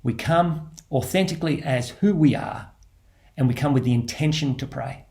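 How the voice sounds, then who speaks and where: A man with an Australian accent, a priest giving a gentle spoken reflection on prayer, repeating key phrases and restarting as he thinks aloud. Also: medium pitch, moderate pace, vocal fry.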